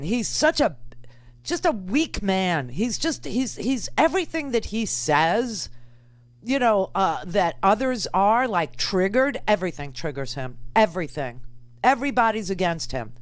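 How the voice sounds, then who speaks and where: A woman's voice: mid-range voice, dry recording. A middle-aged woman hosting political talk radio, emphatic and indignant, repeating phrases for effect. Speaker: radio talk show host.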